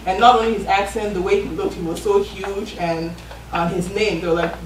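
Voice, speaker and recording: A woman's voice: mid-range voice, steady tone, a little fast, few pauses. Encouraging woman heard far off in a roomy space. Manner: encouraging, hesitant with ums. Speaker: event host. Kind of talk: motivational talk. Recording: echoey room, far from mic, noisy.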